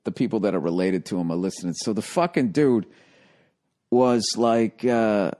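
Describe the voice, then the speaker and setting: A man's voice: on the low side, moderate pace, mellow. A man hosting a podcast, telling a casual anecdote full of swearing and laughing through it on a studio microphone. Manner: profane, laughing through his own anecdote. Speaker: podcast host. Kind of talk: casual storytelling.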